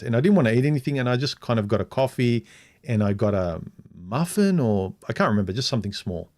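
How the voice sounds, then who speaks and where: A man's voice: medium pitch, lively intonation, quick pace, a little mellow. A middle-aged man telling a personal story on a casual livestream, frank and rambling, restarting his sentences as he goes. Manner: rambling, frank, restarts often and acts out quoted speech. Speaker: vlogger.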